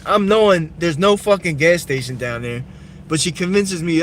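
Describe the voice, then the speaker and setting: A man's voice: fairly high pitch, animated, brisk, fairly bright tone, slight background noise. A young man chatting casually on a live stream while driving at night, telling a story loosely and swearing freely. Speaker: livestreamer. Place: inside a car at night.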